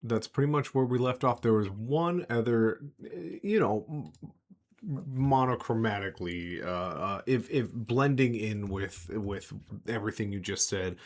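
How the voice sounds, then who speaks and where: A man with a lowish voice running a tabletop game as game master. He narrates scenes and explains the rules in a loose, conversational way. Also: lively intonation, unhurried.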